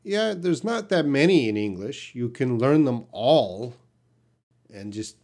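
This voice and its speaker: A man from Canada teaches English on a live stream, speaking at an ordinary middle pitch. He reads viewer questions aloud and answers plainly, sometimes with blunt emphasis. His voice is picked up by a computer mic. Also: expressive, takes it slowly, a little mellow.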